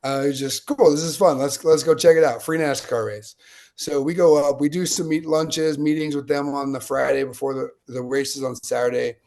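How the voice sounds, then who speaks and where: Late-30s man from Utah, mid-pitch and gravelly, conversational and digressive, an interview guest. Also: a little mellow. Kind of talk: casual storytelling interview.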